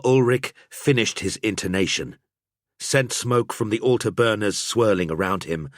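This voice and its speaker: Man, audiobook narration, low voice, lively pitch, dry sound. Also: no room sound.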